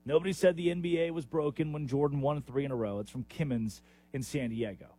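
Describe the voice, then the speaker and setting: A man's voice: a little high, brisk, no room sound. A man hosting a sports talk radio show, delivering an opinionated, emphatic monologue. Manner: animated, opinionated, emphatic with sudden rises.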